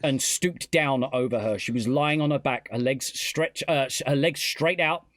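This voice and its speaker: A man's voice: medium pitch, moderate pace, a bit bright, dry recording. A British man hosting a podcast, reading a true-crime story aloud with stumbles and self-corrections. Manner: reads the story aloud with stumbles, laughs a lot. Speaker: podcast host. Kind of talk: casual podcast narration.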